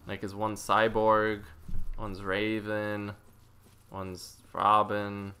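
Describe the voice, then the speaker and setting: A man hosting a let's play, giving casual, excitable and self-mocking commentary, often talking to the enemy on screen. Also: lowish voice, drawn-out words, smooth.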